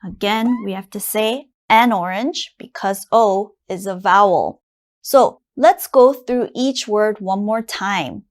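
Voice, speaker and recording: A woman teaching a basic English lesson, repeating each word slowly and carefully for learners. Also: mid-range voice, lively intonation. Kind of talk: slow, clearly enunciated English lesson for learners.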